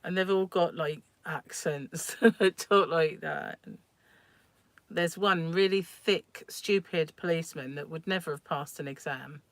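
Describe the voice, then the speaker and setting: Chatty woman with a lower voice. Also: unhurried, few pauses, no echo. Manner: chatty, rambling, laughs often. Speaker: crochet livestream host. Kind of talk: casual chat reading viewer comments. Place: home.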